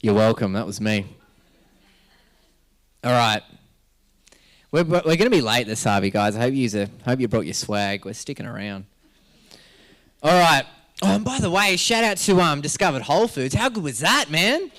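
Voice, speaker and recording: Hosting a health summit as its MC, this Australian has a mid-range, fairly bright voice with big pitch swings, a moderate pace and frequent pauses. He's a joking, rambling storyteller who laughs often.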